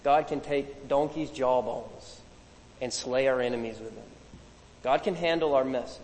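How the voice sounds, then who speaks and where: A man's voice: medium pitch, a little slow, a little mellow. A man preaching a sermon in a casual, joking way, with asides and laughs between points. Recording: long hall reverb.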